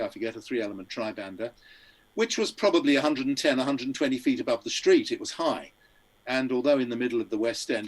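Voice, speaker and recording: An older man in his sixties sits in a studio as a guest and tells a long personal story. His telling rambles, full of hesitant ums and restarts, with a plain, mid-pitched voice. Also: low-quality recording. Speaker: guest, radio amateur and journalist.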